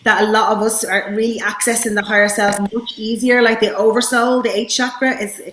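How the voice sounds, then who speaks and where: A woman's voice: fairly high pitch, level tone, fairly quick, a bit bright, a little hiss or hum. Enthusiastic woman host, roomy sound. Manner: enthusiastic, with frequent restarts. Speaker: host, therapist. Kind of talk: casual interview chat. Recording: echoey room.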